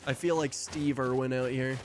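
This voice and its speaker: A man's voice: mid-range voice, level tone, moderate pace, a little hiss or hum. A man casually commenting on his gameplay as a streamer, joking, laughing often and swearing now and then. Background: game music.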